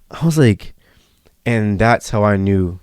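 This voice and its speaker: A man's voice: lowish voice, darkish tone, clean tone, dry recording, clean studio sound. A young man as a podcast guest, telling a personal story in casual, earnest talk, repeating himself and saying bro and yo. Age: young adult.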